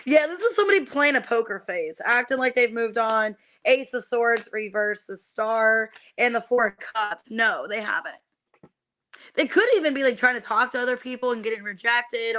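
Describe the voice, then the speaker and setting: A young woman chats her way through a live tarot reading, loose and unscripted, full of ums and little asides to viewers. Her voice sits a touch high and rings bright and forward. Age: young adult. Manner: chatty, many fillers, greets viewers by name. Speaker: tarot reader streaming live. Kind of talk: casual live-stream chat.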